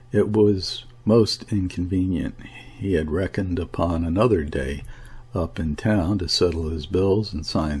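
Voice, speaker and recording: A man reading a classic novel aloud as an audiobook narrator, in measured, steady storytelling. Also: low voice, slightly rough. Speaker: audiobook reader. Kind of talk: scripted narration.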